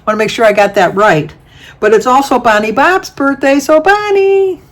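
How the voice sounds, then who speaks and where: A woman's voice: a little high, fairly quick. An older woman chatting at home, often singing birthday wishes and laughing as she goes. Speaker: vlogger. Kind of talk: casual chat with sung birthday wishes. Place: home room with windows open.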